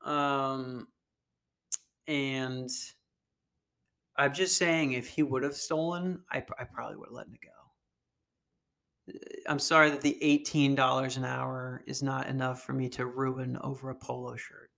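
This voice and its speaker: A man's voice: mid-range voice, unhurried, gravelly, long pauses. Rambling comedic male podcast host. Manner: rambling, animated, profane. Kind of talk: casual comedic commentary.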